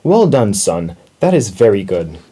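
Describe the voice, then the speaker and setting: A man's voice: lowish voice, very animated, a little slow, mellow, a little hiss or hum. A man voicing a caring mother mouse in a children's storybook, fond and motherly.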